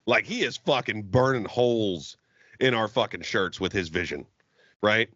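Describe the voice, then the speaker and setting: A man's voice: lowish voice, animated, moderate pace, fairly bright tone, no echo, lo-fi sound. A man co-hosting a podcast, telling a profane bar story with crude jokes and laughter. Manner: crude, laughing, acts out voices in his stories. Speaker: podcast co-host.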